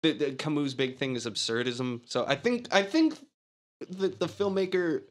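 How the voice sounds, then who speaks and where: Male podcast co-host, mid-pitched, rambling film recap with frequent laughs. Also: expressive, moderate pace. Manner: laughs often, rambling recap with quoted lines. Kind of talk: casual chat recapping a film.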